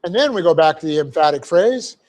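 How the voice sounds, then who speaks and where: A man's voice: a little high, expressive, a little fast, darkish tone. A middle-aged man, a pastor, teaching a Bible passage word by word with frequent "okay?" checks and homely asides. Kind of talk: verse-by-verse teaching sermon. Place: church hall.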